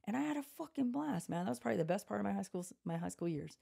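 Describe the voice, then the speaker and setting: A woman in her fifties co-hosting a podcast, telling lively stories in a casual chat and swearing freely. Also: medium pitch, rapid-fire, vocal fry, slightly rough. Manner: animated storyteller, swears freely, quotes people in acted voices. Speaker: podcast co-host.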